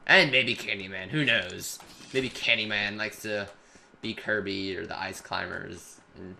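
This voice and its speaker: Bright-voiced joking gamer guy. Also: on the low side, measured pace, vocal fry, a little hiss or hum. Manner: joking, chatty, teasing. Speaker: gaming channel co-host. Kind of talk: casual gaming commentary.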